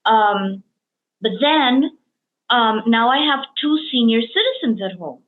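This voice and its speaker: A woman's voice: on the high side, expressive, slow. A woman hosting an interview, telling stories in an emotional, rambling way with many fillers. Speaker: host. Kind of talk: casual interview chat. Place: lives in Hong Kong. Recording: tinny phone-like line.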